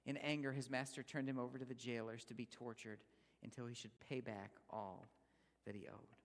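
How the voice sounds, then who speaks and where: A man's voice: mid-range voice, level tone, a little fast. Emphatic preacher man, echoing hall. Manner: emphatic, builds to loud points, drops to near-whisper. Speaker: guest speaker. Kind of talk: sermon. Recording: long hall reverb.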